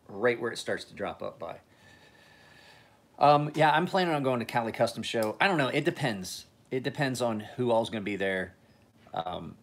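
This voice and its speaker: A man's voice: fairly low pitch, pushed and bright. A man hosting a casual live stream, rambling in a laid-back way, swearing freely and laughing often.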